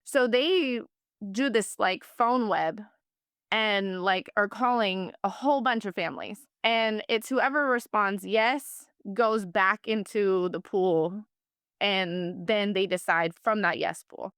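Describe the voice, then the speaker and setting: A woman's voice: mid-range voice, slow, a bit bright, smooth, no echo, clean studio sound. Chatty woman telling a family story. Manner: chatty, heartfelt, many "like" fillers. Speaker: podcast guest, foster and adoptive mom. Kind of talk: casual interview storytelling.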